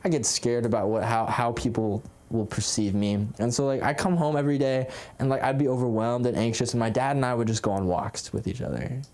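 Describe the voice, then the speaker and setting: A man's voice: medium pitch, fairly even intonation, brisk, hardly any pauses, a little mellow. A young man doing a stand-up set at an open mic, rambling and self-deprecating, with lots of fillers. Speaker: stand-up comic. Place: comedy club stage.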